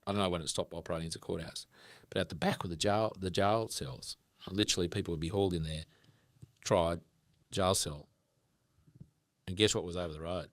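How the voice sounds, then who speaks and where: An Australian man telling animated stories and sometimes swearing as a podcast guest. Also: sits low, a little fast, no echo, clean studio sound. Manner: animated storyteller, casual swearing. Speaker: guest farmer. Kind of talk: casual podcast conversation.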